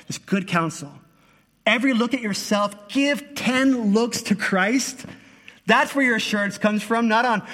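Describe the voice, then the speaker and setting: A man's voice: high voice, a bit bright. A man preaching an earnest, emphatic sermon as a pastor. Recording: long hall reverb.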